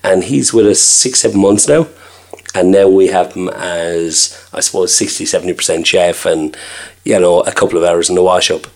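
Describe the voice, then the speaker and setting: Irish guy, chef, real low voice, chatty, does the voices in his stories. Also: moderate pace. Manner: chatty storyteller, acts out quoted dialogue. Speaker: restaurant owner and chef. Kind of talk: casual interview chat.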